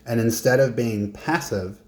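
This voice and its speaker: A man's voice: mid-range voice, steady tone, measured pace, darkish tone. A man coaching in a casual, conversational lesson, emphatic and given to joking asides. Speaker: business and life coach.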